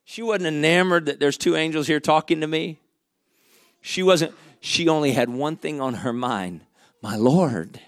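A man preaching a sermon, dramatic and full of rhetorical questions, dropping to a hush and then rising loud again. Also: on the high side, moderate pace, smooth, no room sound, clean studio sound.

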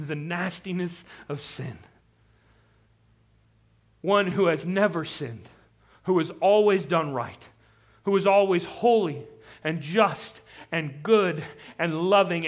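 A man preaching a sermon with impassioned delivery, rising to pleading intensity. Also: sits high. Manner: impassioned, rising to near-shouted pleading when quoting. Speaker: pastor.

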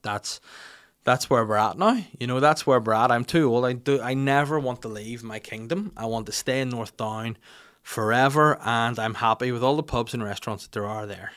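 A middle-aged man, hosting a podcast and telling comic stories in an animated, sweary way. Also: mid-range voice, normal speed. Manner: animated, acts out the people in his stories, swears. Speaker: podcast host. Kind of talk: comic storytelling rant. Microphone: studio mic.

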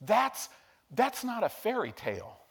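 A male preacher giving an emphatic, animated sermon that swings from hushed to loud. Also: sits high, a little slow, slightly rough.

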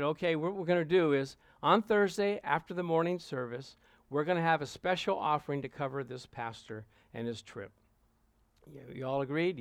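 A man preaching to a congregation, telling a lively anecdote and acting out the voices of the people in it. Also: a little high, dry recording. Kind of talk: storytelling sermon to a congregation.

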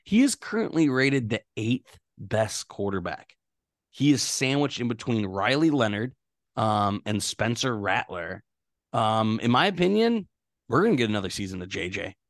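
A man co-hosting a sports podcast, relaxed and agreeable, asking his partner questions. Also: fairly low pitch, normal speed, dry recording, studio quality. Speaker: podcast co-host. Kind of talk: casual sports chat.

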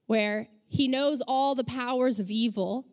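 A woman pastor preaching a sermon, telling stories with animated energy and briefly acting out the people she quotes. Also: a little high, a little slow, in a large hall. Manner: animated storytelling, acts out quoted voices.

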